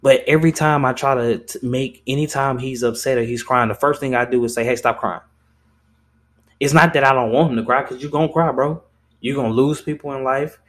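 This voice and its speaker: A young podcast host talks fast in a steady, medium-pitched voice through a casual, unscripted monologue. Blunt and impassioned, he swears often and restarts sentences as he pushes his point.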